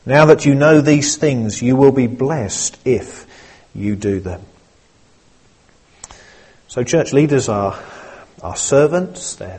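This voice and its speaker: Slow, husky-voiced male preacher. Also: medium pitch, a little mellow. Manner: measured, earnest preaching with small restarts. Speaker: pastor. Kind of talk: sermon.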